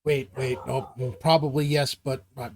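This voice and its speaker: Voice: medium pitch, little pitch movement, moderate pace, a little mellow, a little hiss or hum, natural voice. A game master voicing a nervous gummy bear guide who stammers and keeps repeating words, in a live tabletop game. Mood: hesitant.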